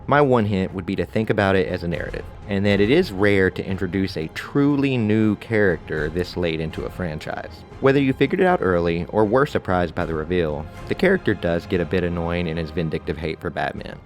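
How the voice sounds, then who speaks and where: Deep-voiced male game reviewer. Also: a little fast, hardly any pauses, soft background music. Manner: relaxed, conversational with casual asides. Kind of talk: scripted review narration.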